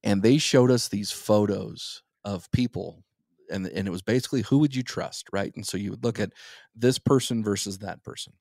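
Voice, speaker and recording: A man's voice: fairly low pitch, normal speed, gravelly, darkish tone, no room sound, clean studio sound. A man co-hosting a podcast, giving thoughtful, opinionated explanations in casual chat. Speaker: podcast co-host.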